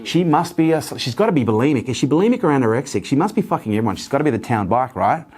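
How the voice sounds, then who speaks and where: A man's voice: medium pitch, very animated, rapid-fire, a little mellow, breathy edge, pitched above the performer's own voice. A man voicing a jealous woman gym client who gossips snidely. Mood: catty.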